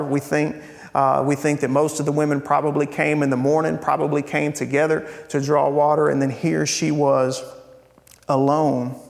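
Conversational preacher in a reverberant hall. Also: male voice, fairly high pitch, gravelly. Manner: conversational, repeats words, rhetorical "right?". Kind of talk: sermon.

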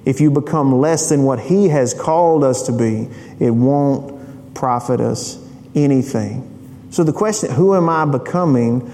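A man's voice: mid-range voice, unhurried, mellow, a little hiss or hum. A man preaching a sermon, telling a family story and asking rhetorical questions. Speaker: pastor. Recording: long hall reverb.

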